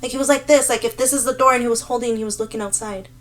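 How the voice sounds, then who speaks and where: Young woman telling stories, slightly high. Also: racing. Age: 20s. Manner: animated, filler-heavy, swears freely. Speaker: podcast co-host. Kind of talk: casual storytelling.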